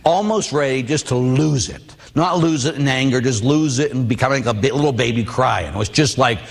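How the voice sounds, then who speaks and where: A middle-aged man preaches as a Catholic priest, weaving personal stories into his sermon and asking his listeners questions. His voice sits at an ordinary pitch for a man. Long reverb trails behind his words, as in a large hall. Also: a little fast, gravelly. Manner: storytelling, rhetorical questions to the audience.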